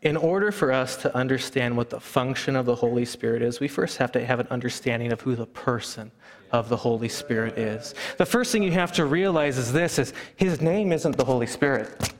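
A man preaching a sermon, telling stories and acting out hushed family chatter. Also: medium pitch, brisk. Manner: animated storyteller, acts out hushing relatives. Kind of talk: sermon with storytelling. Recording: long hall reverb.

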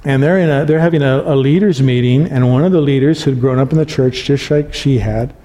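A pastor preaching a sermon, telling stories earnestly and building to emphatic peaks. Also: male voice, medium pitch, brisk, dark tone. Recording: long reverb of a large hall.

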